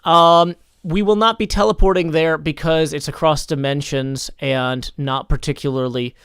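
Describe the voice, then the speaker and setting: Man, stream host, measured mock-formal delivery, smooth clear voice, dry sound. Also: a little high, steady tone, fairly bright tone, no echo. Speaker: streamer hosting a game server. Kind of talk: casual livestream chat.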